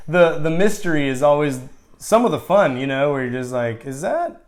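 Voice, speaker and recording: A man's voice: fairly high pitch, animated, moderate pace. A man with a Californian accent co-hosting a podcast, rambling with many fillers and acting out imagined reactions. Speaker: podcast co-host. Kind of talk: casual chat.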